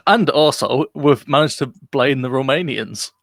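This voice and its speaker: A man's voice: mid-range voice, expressive, normal speed, a bit bright, no room sound. British guy cohosting a live podcast, lots of ums and restarts, dry sound, mid voice. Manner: rambling, frequent fillers and restarts, jokey. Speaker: podcast co-host. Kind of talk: casual chat. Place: live online podcast recording.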